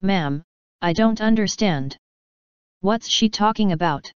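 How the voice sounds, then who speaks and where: A woman's voice: mid-range voice, slow, smooth, dry recording, dull audio, close to an everyday voice. A woman voicing a polite male guard who answers respectfully and deferentially.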